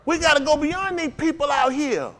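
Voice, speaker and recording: A man preaching to a congregation, calling out to them and rising to shouts. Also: very high voice, normal speed. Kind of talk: sermon.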